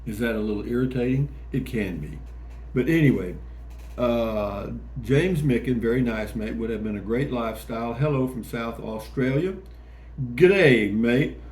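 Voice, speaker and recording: Recorded in an echoey room with a faint ambient hum, this morning vlog features a male host chatting casually to camera. His mid-range voice is mellow and moderately paced, and his talk is folksy, rambling and full of jokes.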